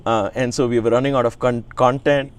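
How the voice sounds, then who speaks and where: A man's voice: medium pitch, fairly even intonation, fairly quick. A man in his sixties, an interviewee, telling a reverent personal story in an earnest way. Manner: earnest, reverent, frequent restarts and soft laughs. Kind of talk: reflective storytelling.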